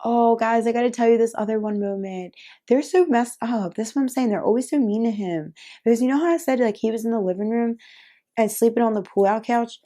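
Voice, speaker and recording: A woman's voice: a little high, fairly quick, mellow. A young woman telling a personal story to camera in a casual, chatty way, full of "like" fillers and laughs. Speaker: vlogger.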